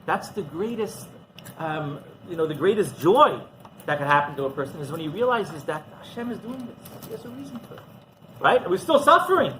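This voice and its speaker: A rabbi telling a story in a conversational sermon, halting and repeating himself as he goes. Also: a little high, very animated, fairly bright tone. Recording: noisy background.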